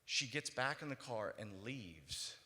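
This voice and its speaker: A man giving a testimony speech at a banquet, recounting his story and moving from quiet retelling to loud, emphatic preaching. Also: mid-range voice, big pitch swings, a little slow. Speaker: keynote speaker. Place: banquet hall. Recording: long hall reverb.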